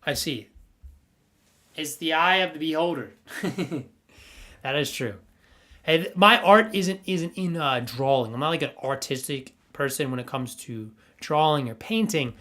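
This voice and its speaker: A man's voice: a little high, measured pace, pushed and bright. Rambling young man hosting a stream. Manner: rambling, stammering, playful, talks to chat. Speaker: livestream host reviewing NFT art. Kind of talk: casual livestream chat.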